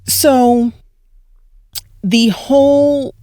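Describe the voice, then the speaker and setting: A man's voice: very high-pitched, fairly even intonation, drawn-out words, mellow, smooth, no room sound, studio quality. A man hosting a podcast, conversational and curious, asking follow-up questions in a casual panel talk. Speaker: podcast host.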